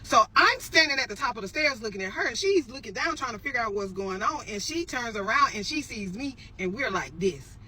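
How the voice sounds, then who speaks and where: Animated woman telling a story straight to camera. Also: on the high side, brisk, few pauses, slight background noise, low-quality recording. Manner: animated, addresses viewers as y'all, emphatic repetitions. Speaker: storytelling vlogger. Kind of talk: casual storytelling to viewers.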